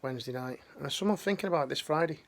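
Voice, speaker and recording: Middle-aged man, ex-military life coach, gravelly, slangy and heartfelt, restarts a lot. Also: on the high side, rapid-fire. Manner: earnest, slangy, rambling with restarts. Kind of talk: emotional motivational talk.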